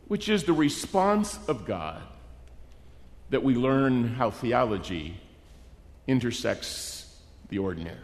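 A middle-aged man delivering a sermon with a high, lively voice that swoops around as he acts out the people in his story. His voice rings out with the long reverb of a large hall. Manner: animated, acts out characters in the story. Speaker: preacher.

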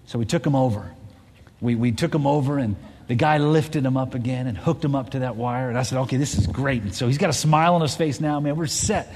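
A man in his forties, a pastor telling a family story in a sermon, animated and full of restarts. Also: medium pitch, brisk. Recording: long hall reverb.

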